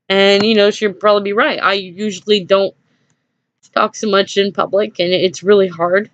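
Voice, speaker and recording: A woman's voice: mid-range voice, steady tone, normal speed, dry recording. A woman telling a personal story in a casual vlog, hesitant, with many fillers and small nervous laughs. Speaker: vlogger. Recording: dry dull lo-fi home recording.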